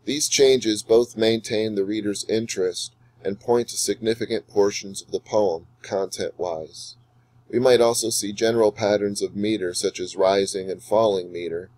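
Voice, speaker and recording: A man teaching English poetry in a recorded lecture, explaining meter clearly and reading verse slowly and deliberately. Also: lowish voice, fairly even intonation, darkish tone, dry recording, poor audio.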